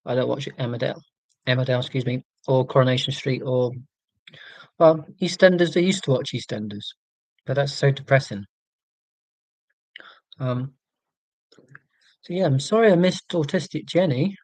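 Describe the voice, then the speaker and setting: A man's voice: mid-range voice, lively intonation, moderate pace, pauses often, a little mellow, no echo, low-quality recording. Chatty Scottish man on a live stream. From Scotland. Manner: rambling, self-deprecating, reads out viewer comments. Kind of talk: casual live-stream chat. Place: at home.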